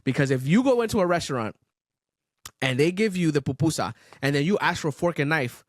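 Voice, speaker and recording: Animated, profane podcast man, dry sound. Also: a little high, fairly quick, no room sound. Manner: animated storytelling, profane, laughs often. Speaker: podcast co-host. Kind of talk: casual chat.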